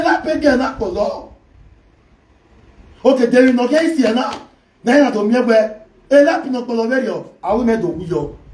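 High-voiced Nigerian woman gossiping mockingly. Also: a little mellow, low-quality recording. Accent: Nigerian Pidgin English. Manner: mocking, teasing, mixes pidgin with English. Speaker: gossip show host. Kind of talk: celebrity gossip commentary vlog.

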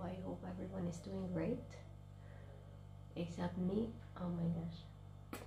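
Slow, gravelly woman with a cold. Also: medium pitch, echoey room, noisy background. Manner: slow, tired, often drops to a whisper. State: sick with a cold, hoarse. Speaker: vlogger, English teacher. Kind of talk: casual vlog chat. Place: bedroom at home, in self-quarantine.

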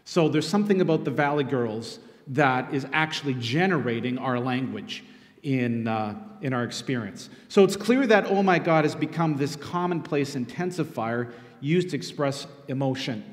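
A man's voice: medium pitch, lively intonation, moderate pace. Guy instructor giving a talk, chatty storyteller, lots of hall echo. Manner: storytelling, conversational. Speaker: university instructor and film producer. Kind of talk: public talk. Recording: long echo in a lecture hall.

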